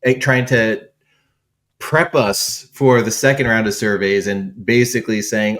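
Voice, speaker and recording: Guy w a lowish voice hosting an interview, laid back, lots of ums. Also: a little slow. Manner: relaxed, hesitant with fillers and brief laughs. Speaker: interview host. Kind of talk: conversational interview.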